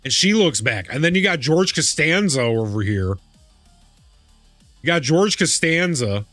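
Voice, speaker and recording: A man live streaming a game, chatting casually and reacting excitably, laughing and swearing as he goes. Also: fairly high pitch, measured pace, no echo, soft background music. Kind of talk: casual chat while gaming.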